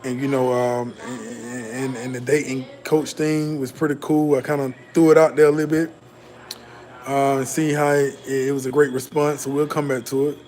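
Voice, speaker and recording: Reading his viewers' chat on a relaxed livestream, a man from the American South talks loosely and swears freely, repeating himself and starting over. He has a mid-range, slightly mellow voice with flat delivery at normal speed.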